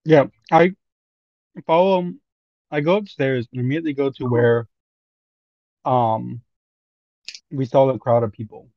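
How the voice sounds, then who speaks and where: A man's voice: medium pitch, steady tone, a little slow, pauses often, no echo, highs cut off. A man playing in a tabletop game, speaking in a hesitant, laid-back way. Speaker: player.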